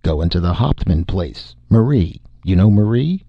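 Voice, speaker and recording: A man voicing a drunk, unsteady young male ex-spaceman who talks in a slurred, halting way. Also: low voice, lively intonation, slightly rough, no room sound, dull audio, heavily acted.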